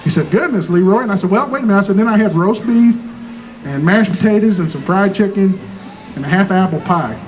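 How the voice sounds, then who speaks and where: A man with a Southern rural American accent telling stand-up jokes in a folksy hillbilly drawl, acting out both sides of each exchange and landing punchlines deadpan. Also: sits high, fairly quick, soft background music, poor audio. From Missouri. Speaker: stand-up comedian. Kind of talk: stand-up comedy storytelling.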